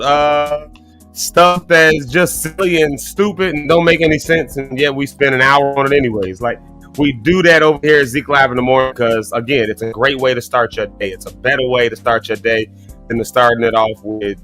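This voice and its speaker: A man hosting a casual live morning show, chatty and folksy, his throat rough from coughing. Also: medium pitch, bright, forceful tone. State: choking, throat clearing.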